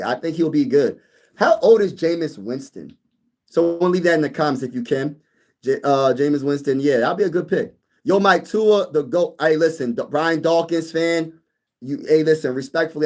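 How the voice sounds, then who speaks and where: A young man hosting a casual sports live stream, reading viewer comments and bantering back with lively energy. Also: a little high, brisk. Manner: animated, reads chat comments aloud and banters. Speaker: sports YouTube host.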